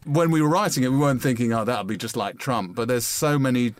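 A man talking as a co-writer guest in a film interview, explaining his views in an animated, chatty way. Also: medium pitch, fast, no echo.

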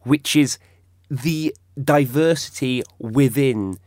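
A man's voice: mid-range voice, slow pace, a little mellow, no room sound. Wry man presenting topics on studio radio. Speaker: radio host. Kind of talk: casual studio discussion. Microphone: studio microphone.

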